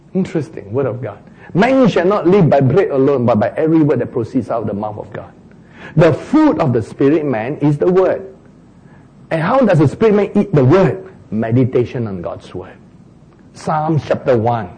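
Husky-voiced preacher, man. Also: medium pitch, low-quality recording. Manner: animated, mimics crying sounds for humor. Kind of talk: sermon.

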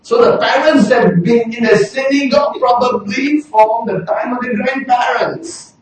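A man preaching a sermon in a lively way, often rising to a shout for emphasis. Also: very high voice, measured pace, slight background noise. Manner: animated, bursts into shouting for emphasis. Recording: very echoey hall, mic far off.

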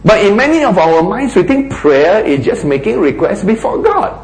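A man preaching a sermon, asking rhetorical questions and dropping to a hushed voice for emphasis. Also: high-pitched, sing-song, normal speed, roomy sound, faint music behind, low-quality recording.

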